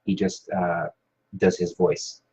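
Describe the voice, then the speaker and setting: A man's voice: deep voice, flat delivery, slow, a little mellow. A man hosting a live stream, casually rambling with many fillers and restarts while reading viewer comments. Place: Hawaii. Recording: dull lo-fi sound.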